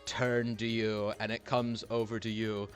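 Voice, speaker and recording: A man's voice: on the low side, little pitch movement, measured pace, faint music behind. A man narrating as game master for a tabletop game, rambling with many fillers and restarts.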